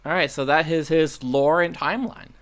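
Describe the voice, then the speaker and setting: A man's voice: on the high side, fairly even intonation, normal speed, fairly bright tone. A man chatting casually on a fan panel, playful and joking, laughing often as he talks. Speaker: panel participant.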